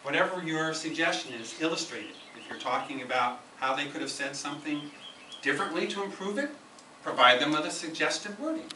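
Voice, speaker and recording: A man's voice: a little high, lively intonation, brisk, noisy background. A man giving an instructive club speech, emphatic and repeating key phrases to drive points home. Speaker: speaker at a speaking club meeting. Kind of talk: prepared educational speech. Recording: echoey room, camera from far off.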